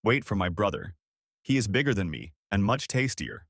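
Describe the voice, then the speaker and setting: A man voicing a soft, timid little billy goat. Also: lowish voice, animated, moderate pace, no echo, clean studio sound. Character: smallest male billy goat, timid but brave.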